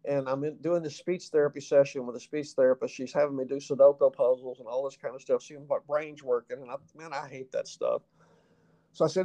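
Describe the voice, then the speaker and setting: A man's voice: mid-range voice, fairly quick. A middle-aged man with a Southern accent, telling a personal story as an interview guest in a folksy way and acting out the dialogue. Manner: folksy, animated, acts out quoted dialogue.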